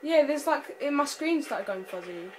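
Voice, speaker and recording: During a casual let's-play of a horror game with friends, a young woman chats at a moderate pace in a high, animated voice. She's scared and jumpy, bursting into screams and nervous laughter, and the home recording is noisy.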